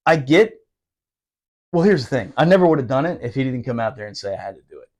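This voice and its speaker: A man telling a rough, profane story from his military days in casual podcast talk, laughing and doing quick impressions. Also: mid-range voice. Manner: profane, animated, laughing, fast asides.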